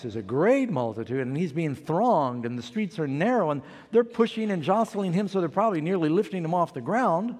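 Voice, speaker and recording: Animated older preacher, hall reverb. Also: male voice, high-pitched, slightly rough. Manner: animated storytelling, acting out quoted voices. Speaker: pastor. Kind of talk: sermon.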